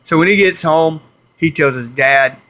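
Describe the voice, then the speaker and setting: A man's voice: a little high, moderate pace, a bit bright. Rambling young man telling a story. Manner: rambling, repeats himself, hisses to mimic animals. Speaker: vlogger. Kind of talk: casual storytelling to camera.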